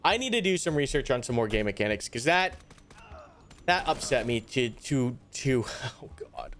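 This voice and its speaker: A young man giving live commentary on a tactical shooter, animated and easily exasperated, groaning and swearing at setbacks. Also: mid-range voice, moderate pace, soft background music. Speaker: gaming YouTuber.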